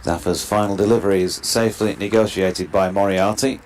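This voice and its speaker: A man giving live ball-by-ball cricket commentary in a steady, wry way as the lead commentator. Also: lowish voice, a little fast, a little hiss or hum. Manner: steady, wry, describes play and scene.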